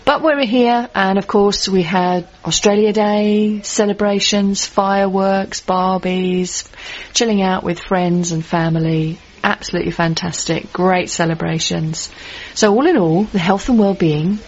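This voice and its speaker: A woman's voice: medium pitch, measured pace, highs cut off. A woman reporting in a bubbly, enthusiastic way, as a roaming radio reporter. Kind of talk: upbeat recorded travel report.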